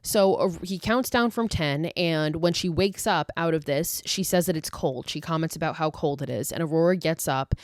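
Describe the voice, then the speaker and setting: A woman's voice: low-pitched, moderate pace, few pauses, no echo, clean studio sound. A woman podcast host retelling a horror film plot in a casual, filler-heavy way, breaking into profane, exasperated asides. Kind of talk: casual movie recap.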